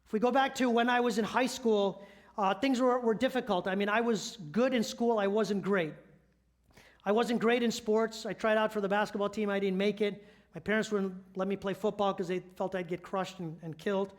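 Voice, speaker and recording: A man's voice: sits high, fairly even intonation, normal speed. A middle-aged man, a church elder, preaching a sermon in a conversational storytelling way with rhetorical questions.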